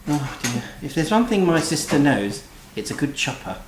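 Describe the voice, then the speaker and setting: A man's voice: a little high, big pitch swings, moderate pace. A man playing a posh, bossy middle-aged lady cook in a comic cooking show, prim and tart, ending lines with "dear". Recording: roomy distant kitchen recording, faint noise.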